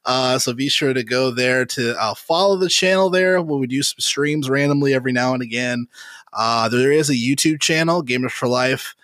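A man in a laid-back podcast chat, rambling through stories with plenty of "uh" and "like" and laughing often. His voice sits at an ordinary middle pitch. The close mic gives a dry, dead sound. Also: normal speed, a bit bright, no echo. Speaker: podcast host. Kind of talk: casual chat.

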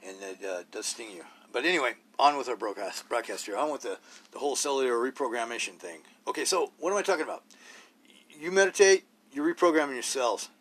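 A man's voice: medium pitch, expressive, quick pace, a bit bright, breathy edge. A man hosting a solo podcast, talking bluntly and rawly in a rambling way, full of rhetorical questions. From Idaho, US. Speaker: podcast host.

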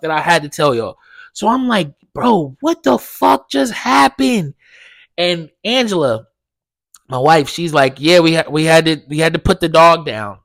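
A young man hosting a podcast, telling a dream story in a casual, animated way, swearing a lot and acting out the dialogue. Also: fairly high pitch. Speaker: podcast host.

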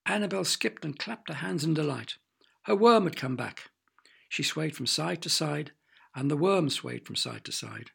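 A man narrating a children's storybook with expressive, playful sound effects. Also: fairly high pitch, moderate pace, creaky, breathy edge.

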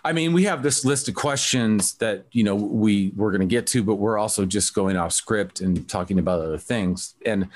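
A man hosting an interview, chatting casually and telling rambling stories. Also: on the low side. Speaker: interview host.

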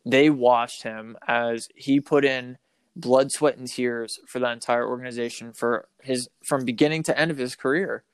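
Smooth-voiced male co-host, hesitant, frustrated, casual sports talk, dry mic. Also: medium pitch, steady tone, no room sound. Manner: hesitant, halting, frustrated, lots of "like" and "I don't know". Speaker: podcast co-host, coach.

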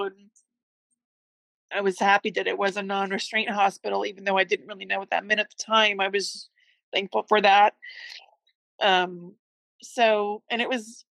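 A woman's voice: medium pitch, creaky, a bit bright, no echo, poor audio. A middle-aged woman, a mother appearing as a podcast guest, recounting a family story in earnest, heartfelt conversation.

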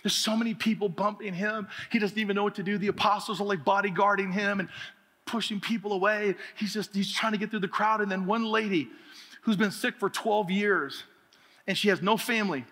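A high-pitched man with a bright, forceful voice preaches a lively sermon as a pastor, mixing funny stories with emphatic calls. His voice rings out in a reverberant hall with faint music underneath. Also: fairly quick. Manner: animated, humorous storytelling with laughter. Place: church sanctuary.

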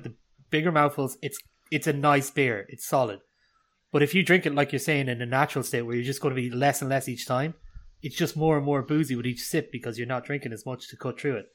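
A man's voice: medium pitch, fairly even intonation, quick pace, fairly bright tone. A man with an Irish accent, co-hosting a casual beer-tasting podcast, thinking aloud and hedging as he weighs up his verdict. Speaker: podcast co-host.

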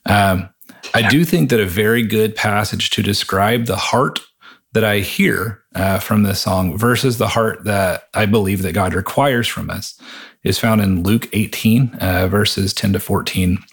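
A man talking through a worship song and Bible passages in a casual, thoughtful way, often pausing and restarting his sentences. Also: fairly low pitch, breathy edge. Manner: thoughtful, halting with frequent restarts and fillers. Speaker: podcast co-host reviewing a worship song.

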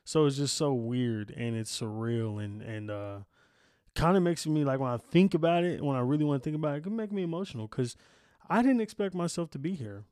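A man's voice: mid-range voice, animated, brisk, a little mellow, smooth, no room sound, clean studio sound. A young man hosting his own podcast in casual, rambling chat, slangy and candid. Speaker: podcast host. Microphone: camera setup with a close mic.

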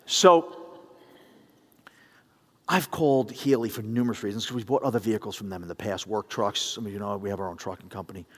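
A middle-aged man preaching a sermon, telling a story with lively voice changes and building to earnest appeals. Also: on the low side, a little fast, pauses often. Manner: animated, acts out phone voices, builds to appeals. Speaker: pastor. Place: church sanctuary. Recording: long reverb of a church hall.

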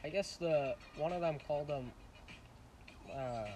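A man's voice: on the high side, a little slow, darkish tone, a little hiss or hum, poor audio. A young man in casual chat, telling a story in a laid-back, profane way with lots of fillers.

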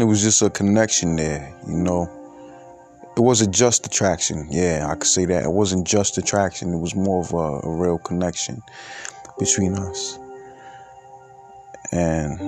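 A man of twenty-eight telling a personal story in a halting, reflective way, with many fillers and restarts. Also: sits low, a little mellow. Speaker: podcaster.

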